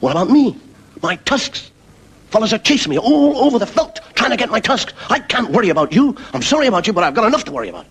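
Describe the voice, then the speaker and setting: A man's voice: high voice, big pitch swings, fast talker, a bit bright, breathy edge, pitched above the performer's own voice, exaggerated voice. A man voicing a weary elephant who complains and pities himself. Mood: self-pitying. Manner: complaining, self-pitying. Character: weary, put-upon old bull elephant.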